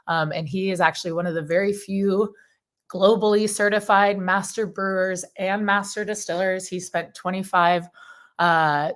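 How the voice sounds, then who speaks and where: A woman's voice: mid-range voice, fairly even intonation, normal speed. A woman giving a live seminar presentation as a brand ambassador, talking enthusiastically and casually with frequent ums.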